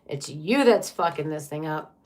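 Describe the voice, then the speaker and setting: A woman's voice: low voice, lively intonation, moderate pace. A woman mocking a self-righteous blaming partner. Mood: indignant. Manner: indignant, self-justifying.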